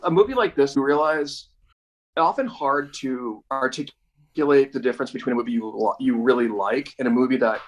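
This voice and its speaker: A man co-hosts a casual podcast and gushes freely, stumbling over his words and filling gaps with "like". His voice sits at an ordinary middle pitch for a man. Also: fairly quick, rough recording. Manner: gushing, effusive, fillers like "like". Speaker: podcast co-host. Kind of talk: casual chat.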